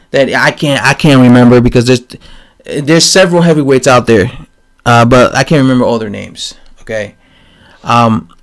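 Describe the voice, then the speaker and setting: A man giving a casual, rambling opinion rant on his channel, animated and full of fillers and restarts. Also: mid-range voice. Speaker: boxing commentator vlogger.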